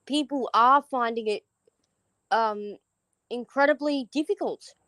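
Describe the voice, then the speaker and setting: A woman's voice: a little high, a little slow, a bit bright, no room sound, rough recording. A woman with an Australian accent chatting casually on a livestream, frank and rambling, swearing freely.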